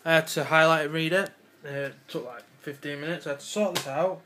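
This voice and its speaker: A man's voice: on the high side, fairly quick, bright, forceful tone, a little hiss or hum. A teenage English boy chatting in a rambling, offhand way for his home vlog, joking around and slipping into silly voices. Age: teens. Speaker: vlogger. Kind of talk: casual vlog chat. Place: bedroom at home.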